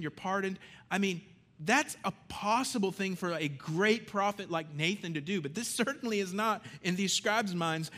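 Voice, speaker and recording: A man preaches a sermon in an animated, conversational manner, shifting between loud emphasis and hushed lines. He has a high voice.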